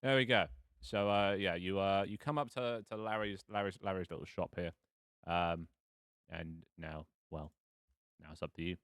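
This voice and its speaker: A man's voice: low-pitched, steady tone, normal speed, clear, resonant tone, no room sound, studio quality. A man as game master, narrating a tabletop game on a casual live stream in a rambling, self-mocking way with fillers and swearing.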